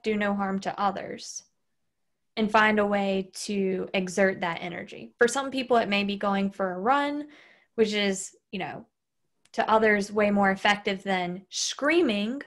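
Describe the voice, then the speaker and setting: Animated woman podcast host, slightly high voice. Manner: animated, swears freely, acts out angry outbursts. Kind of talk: casual conversation.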